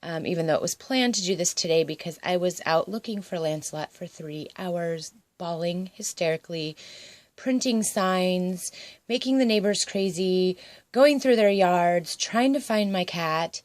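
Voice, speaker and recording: A woman's voice: fairly low pitch, unhurried, dry recording. A woman casually showing a handmade craft project, chatting and rambling with frequent ums and asides. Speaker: paper crafter. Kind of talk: casual craft show-and-tell.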